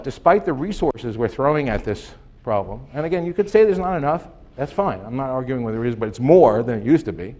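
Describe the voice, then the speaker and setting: A man's voice: mid-range voice, a little mellow. A man giving a conference lecture, emphatic and sarcastic, asking rhetorical questions. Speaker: conference speaker. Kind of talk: lecture presentation. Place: conference hall.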